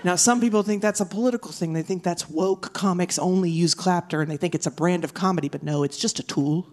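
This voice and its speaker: A woman doing stand-up on a live theater stage, loud, exasperated and sarcastic. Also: lowish voice, fast. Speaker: stand-up comedian. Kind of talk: stand-up set.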